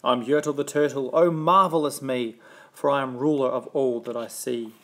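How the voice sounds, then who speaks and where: A man's voice: medium pitch, fairly even intonation, normal speed, lightly acted. A man voicing a pompous, boastful male turtle king who barks and bellows his orders in a storybook reading. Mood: boastful bellowing. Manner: barking, bellowing, bossy.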